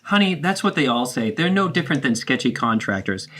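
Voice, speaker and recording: A man's voice: mid-range voice, sing-song, brisk, fairly bright tone, slightly rough. A man voicing a self-absorbed, defensive middle-aged mother in a therapeutic role-play, talking over her child. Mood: bossy. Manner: dramatic, guilt-tripping, talks over her child.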